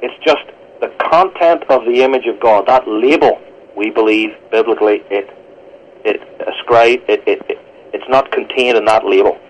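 A man, a pastor, answering on a radio show with earnest, halting restarts while quoting scripture. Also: lowish voice, muffled recording, slight background noise. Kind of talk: radio interview, theological answer.

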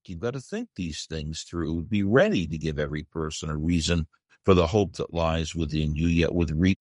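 An older man, a pastor, explaining theology as a radio guest, thoughtful and halting as he restarts his sentences. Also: deep voice, a little mellow, no room sound, clean studio sound. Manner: thoughtful, halting, repeats words as he starts.

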